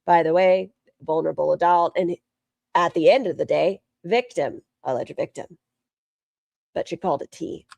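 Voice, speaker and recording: A woman's voice: fairly low pitch, moderate pace, gravelly, a little mellow, no room sound. A woman live-streaming commentary, sarcastic and mocking, reading out super chats between asides. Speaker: reaction streamer.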